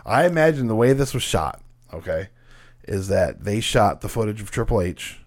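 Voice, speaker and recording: Brief: young male podcast host, loose and profane, drifting quieter at times. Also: lowish voice, lively intonation, normal speed. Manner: profane, laughing, trailing off quietly. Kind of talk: casual chat.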